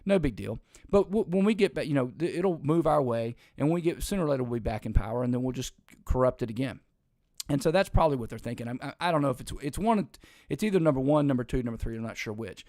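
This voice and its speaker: A man's voice: medium pitch, animated, quick pace, dark tone, no echo, clean studio sound. A man hosting an opinionated political commentary show, talking emphatically and in a rambling way, with frequent restarts and sarcastic asides.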